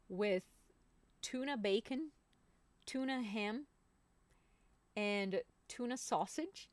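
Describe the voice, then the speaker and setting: A woman's voice: on the high side, slow pace, pauses often, dry recording. A woman singer hosting a live stream, chatting casually and rambling to her viewers.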